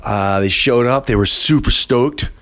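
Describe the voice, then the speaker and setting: A man hosting a podcast, telling a comic story with animated delivery and acting out other people's voices. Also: mid-range voice, unhurried. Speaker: podcast host.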